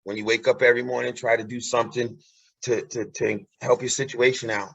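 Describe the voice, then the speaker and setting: A man's voice: mid-range voice, little pitch movement, brisk, gravelly, fairly bright tone, husky, no room sound, poor audio. A man talking as a guest in a casual interview, earnest and encouraging, repeating his key phrases.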